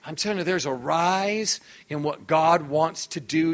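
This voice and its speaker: Brief: middle-aged male preacher, raised pitch, animated storytelling, lo-fi church sound. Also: measured pace. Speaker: guest preacher. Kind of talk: sermon storytelling. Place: church hall.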